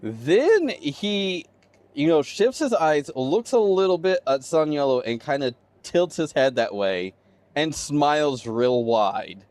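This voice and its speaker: Lively male game master narrating. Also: on the high side, slow pace, no room sound. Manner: animated, descriptive storytelling addressing players by character name.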